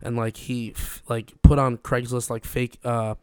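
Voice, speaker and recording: A man's voice: medium pitch, flat delivery, a little slow, smooth, no echo, clean studio sound. A young man chatting casually as a podcast host, rambling and swearing with lots of fillers. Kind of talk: casual chat.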